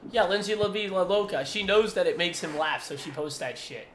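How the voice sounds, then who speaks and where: Excitable high-voiced gamer guy. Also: brisk, a little hiss or hum. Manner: excitable, profane, loud teasing. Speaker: gamer streaming with a friend. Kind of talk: casual gaming chat. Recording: echoey room with game music.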